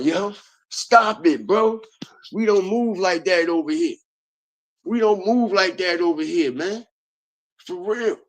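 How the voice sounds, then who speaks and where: A man hosting an online commentary video, ranting in a heated, profane way and repeating his points. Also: sits high.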